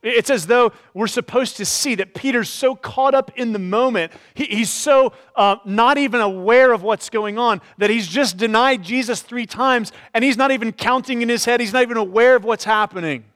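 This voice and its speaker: High-voiced preacher, reflective and unhurried. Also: male voice, a bit bright. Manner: reflective, often hedges with "sort of". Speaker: pastor. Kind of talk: expository sermon. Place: church.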